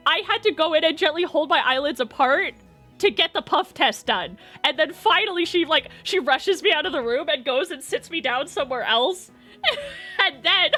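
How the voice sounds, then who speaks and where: A woman's voice: high-pitched, pushed and bright. A young woman streaming, telling a rambling story in a chatty, self-deprecating way and laughing often.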